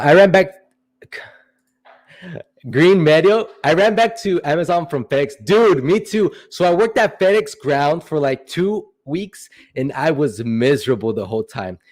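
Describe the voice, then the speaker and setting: A young man hosting a casual livestream, answering chat questions in a rambling, playful way with joking asides. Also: medium pitch.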